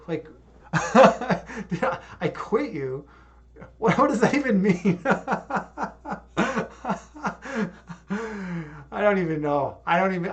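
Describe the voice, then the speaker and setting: A young man hosting a livestream, chatting casually and reading viewer comments, rambling and repeating words, hyped up after a yoga session. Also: on the high side. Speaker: livestream host.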